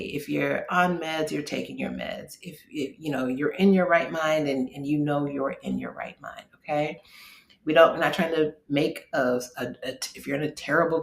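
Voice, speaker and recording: A middle-aged woman hosting a casual instructional talk as a meditation teacher, candid and conversational, dropping to a hush on soft asides. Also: deep voice, creaky. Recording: echoey room.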